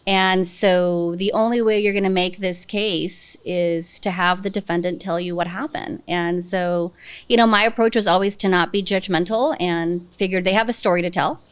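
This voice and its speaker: A woman police detective answering interview questions in an earnest, measured, reflective way. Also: fairly low pitch, steady tone, clean tone.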